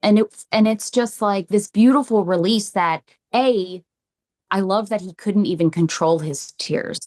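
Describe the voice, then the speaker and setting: A female psychic medium shares stories during a podcast interview, her mid-range voice moving at a measured pace. She stays animated throughout, repeating lines as she performs what others told her.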